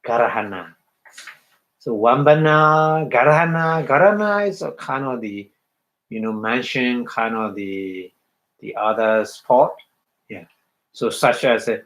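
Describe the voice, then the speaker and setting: A man giving a dharma talk as a Buddhist meditation teacher, halting, repeating phrases and checking in with his listeners. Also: medium pitch, lively intonation, fairly bright tone, poor audio.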